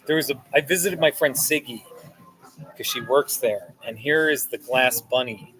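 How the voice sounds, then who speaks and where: A man's voice: mid-range voice, normal speed, fairly bright tone, low-quality recording. A man hosting a casual livestream from a cafe, rambling and answering viewer comments aloud. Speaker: livestream host. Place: Starbucks cafe, indoors. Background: cafe music.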